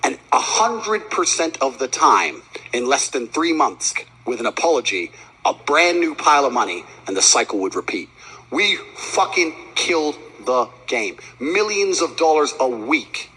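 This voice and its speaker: A man's voice: mid-range voice, very animated, unhurried, bright, forceful tone, slightly rough, poor audio. A man telling a profane, boastful story as a podcast guest. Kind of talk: casual podcast chat.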